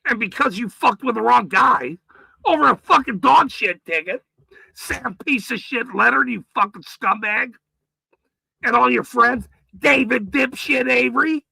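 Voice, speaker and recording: A man hosting his own channel, delivering an angry, profane, boastful rant straight to camera with frequent shouting. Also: extremely high pitch, a little slow, gravelly, slightly rough, dry recording, rough recording. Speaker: channel host.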